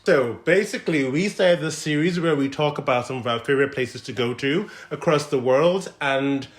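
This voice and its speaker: A man's voice: a little high, moderate pace. A man co-hosting a travel vlog in casual, rambling chat, laughing often and trailing off with fillers. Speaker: travel vlogger co-host. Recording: echoey room.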